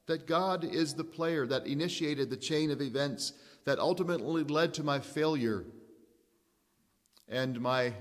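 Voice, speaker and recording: Man preaching, slow and deliberate, emphatic, long hall reverb. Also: mid-range voice. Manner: measured, emphatic preaching with rhetorical questions. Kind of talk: sermon.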